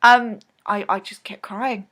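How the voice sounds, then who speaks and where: A woman's voice: fairly high pitch, fairly even intonation, measured pace, bright, forceful tone. A woman talking casually to camera in a rambling film recap vlog, full of ums and restarts. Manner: rambling, chatty, lots of ums. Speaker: vlogger.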